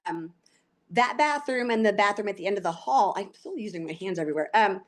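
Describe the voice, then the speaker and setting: A woman's voice: mid-range voice, lively intonation, fairly quick. A woman from Texas with a Texan accent, a podcast guest chatting casually, giggling and rambling as she loses her train of thought. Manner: giggly, rambling, self-interrupting. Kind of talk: casual chat.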